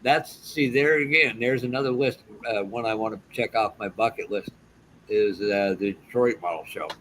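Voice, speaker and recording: A man's voice: fairly low pitch, normal speed, fairly bright tone, slight background noise, poor audio. A man teasing and joking in a casual group call during a livestream. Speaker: livestream participant.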